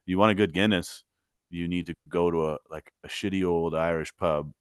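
A deep-voiced man co-hosts a podcast from a studio, chatting casually at normal speed and telling stories in a dry, joking, relaxed way. His voice is smooth, with no echo.

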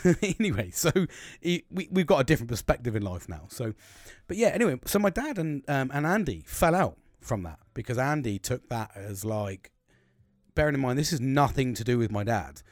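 A British man in his forties tells a long, meandering story in a casual, unpolished way, peppering it with swearing and chuckles. His pitch rises and falls a lot as he gets into it, and the recording is close and dry. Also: no room sound. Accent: British English. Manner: rambling, heavy swearing, laughing asides. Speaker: podcast host.

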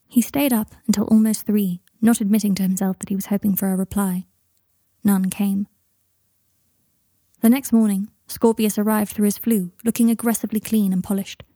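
Warm-voiced woman narrating a story. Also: medium pitch, no room sound, clean studio sound. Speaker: audiobook narrator. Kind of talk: narrating fan fiction.

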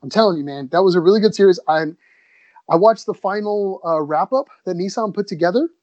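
An enthusiastic, laid-back man chatting casually as a podcast co-host, his voice sitting a little high. The sound is dry and somewhat dull and muffled. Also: expressive, fairly quick, darkish tone, no room sound. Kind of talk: casual chat.

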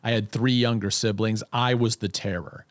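Low-voiced man telling a story. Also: moderate pace, no room sound, studio quality. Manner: animated storyteller, self-deprecating, many restarts. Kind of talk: casual conversation.

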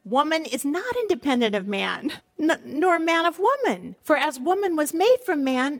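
A woman giving sermon-style Bible teaching with passion, sometimes crying out lines as God and dropping her voice low when she warns about sin. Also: lively intonation, moderate pace, few pauses, long reverb tail. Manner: impassioned, acts out God crying out.

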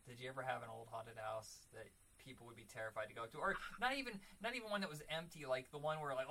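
A man co-hosting a casual podcast chat, animated and swearing freely. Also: medium pitch, quick pace, creaky, few pauses, slight background noise, rough recording. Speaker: podcast co-host.

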